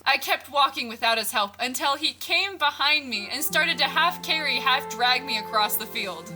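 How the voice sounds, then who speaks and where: A woman's voice: sits high, expressive, moderate pace, sharp tone. A young woman reading her own old story aloud for comedy, stopping often to laugh at herself and mock the writing. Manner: laughs at herself, self-mocking, breaks off mid-line. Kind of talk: comedic read-aloud with commentary. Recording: music playing underneath.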